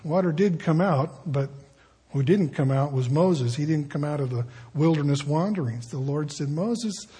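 A man's voice: fairly high pitch, expressive, moderate pace, dark tone, slightly rough. A man preaching a casual sermon, telling stories and acting out the people in them. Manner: conversational storytelling, acting out quoted voices. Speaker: pastor.

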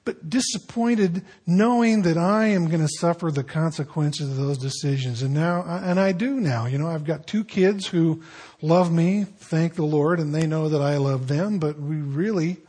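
An older man preaching a candid, confessional sermon, dropping at times into quiet, reflective tones. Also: a little high, moderate pace, slightly rough. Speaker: pastor.

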